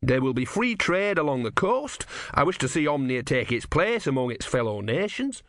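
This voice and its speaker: An earnest, gentle young man pleading with stern enemies. A male reader voices him a little above his own voice and keeps him soft-spoken. The recording is close and dry. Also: fairly high pitch, sing-song, normal speed, no echo.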